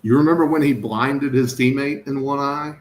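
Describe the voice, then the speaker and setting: A man in his thirties talks sports on a podcast in a relaxed, reflective way, letting phrases trail off. His voice sits at a middle pitch and rings in an echoey room. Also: moderate pace, background noise. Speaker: podcast co-host. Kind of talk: casual sports chat.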